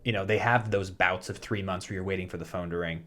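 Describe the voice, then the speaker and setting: A man in his thirties talks loosely in a relaxed podcast chat. His voice sits somewhat low, and he wanders through his thoughts with lots of fillers and restarts. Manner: rambling, halting, with many fillers and restarts. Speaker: podcast co-host, soap actor. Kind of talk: casual chat.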